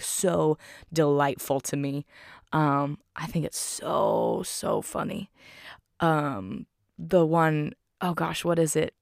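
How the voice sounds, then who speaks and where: A woman's voice: low-pitched, creaky, a little mellow, dry recording, clean studio sound. A woman recapping a film in a casual, enthusiastic way, full of fillers and "like".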